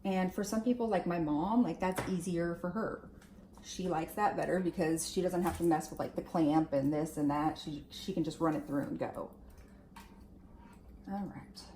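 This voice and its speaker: A woman's voice: lowish voice, normal speed, dark tone, roomy sound, slight background noise. Chatty woman teaching hair styling. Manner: chatty, lots of fillers like "like" and "okay". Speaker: hair stylist demonstrating on a wig. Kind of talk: casual tutorial talk.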